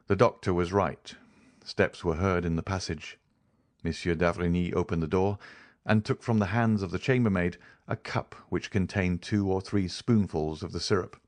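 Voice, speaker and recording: A man narrating a classic novel as an audiobook, in a steady, even storytelling manner. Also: deep voice, moderate pace.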